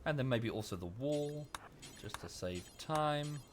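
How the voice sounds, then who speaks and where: A man's voice: medium pitch, animated, a little slow, slight background noise. A man chatting casually while live-streaming a game at home, often thinking aloud and thanking viewers. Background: background music.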